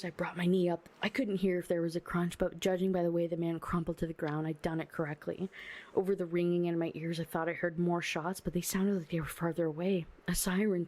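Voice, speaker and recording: A woman's voice: fairly low pitch, a little mellow. A woman reviewing a book, reading passages aloud and recapping in a blunt, irreverent, profane way. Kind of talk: casual book rant with read-aloud passages.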